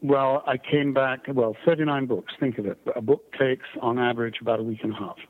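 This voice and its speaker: Older baritone narrator, mid-Atlantic accent, chatty and stammering, tinny phone sound. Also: male voice, fairly even intonation, brisk. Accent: mixed British-American. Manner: chatty, self-deprecating, frequent stammering restarts. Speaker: audiobook narrator guest. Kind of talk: casual interview chat.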